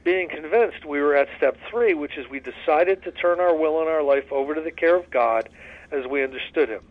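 A man's voice: a little high, fairly quick, muffled recording. A man leading a recovery study discussion in an earnest, folksy way, with many restarts and fillers. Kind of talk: casual spoken study discussion.

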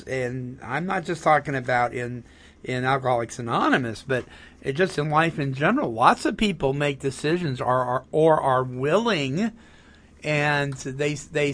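A man's voice: a little high, a bit bright. A man co-hosting a casual discussion, agreeable and prone to repeating words.

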